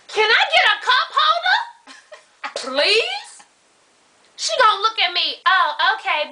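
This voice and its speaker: A woman telling an exasperated, animated story in a casual vlog, laughing often and cussing. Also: extremely high pitch. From Atlanta, USA. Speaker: vlogger.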